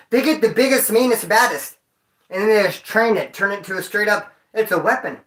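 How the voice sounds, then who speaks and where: A man's voice: sits high, brisk, a bit bright. Rambling, profane man in an echoey room. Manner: rambling, profane street slang. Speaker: vlogger. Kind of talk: casual storytelling to viewers.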